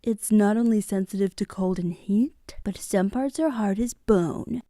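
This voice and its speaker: Woman voicing a crocodile action star, male, scoffing, slow, storybook. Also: medium pitch, mellow, no echo, studio quality, lightly acted. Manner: scoffing, groaning.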